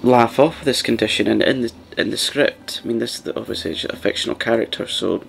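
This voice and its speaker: A man hosting a soft-spoken ASMR chat, rambling and partly whispering as he talks. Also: mid-range voice, brisk, vocal fry, slight background noise. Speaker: ASMR channel host.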